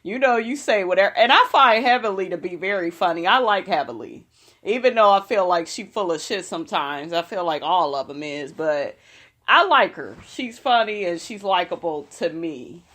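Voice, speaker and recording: A woman's voice: lowish voice, animated, moderate pace, a bit bright. A young woman, casually recapping a reality show in a sassy, profane, chatty way.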